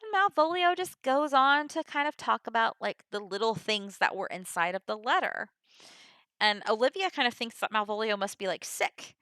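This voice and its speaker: A woman walks through a play's story in a relaxed, conversational way, peppering her summary with "you know" and "like." Her voice is bright and clear, and the recording is close and dry with no room sound. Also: on the high side, normal speed, no room sound. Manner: chatty, full of 'you know' and 'like'. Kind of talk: casual plot summary of a play.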